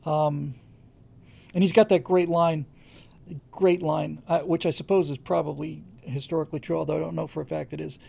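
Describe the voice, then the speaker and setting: A man's voice: a little high, level tone, normal speed, creaky, warm tone, breathy edge. A man hosting a livestream, answering viewer questions in casual, rambling talk with frequent restarts. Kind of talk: casual unscripted commentary.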